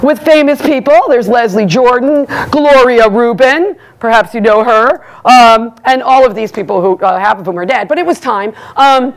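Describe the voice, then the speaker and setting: Brassy high-voiced woman comic. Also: moderate pace, hardly any pauses. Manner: brassy, animated, self-mocking, bursts into loud rants. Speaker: comedian hosting an awards event. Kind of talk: stand-up monologue. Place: live event stage before an audience.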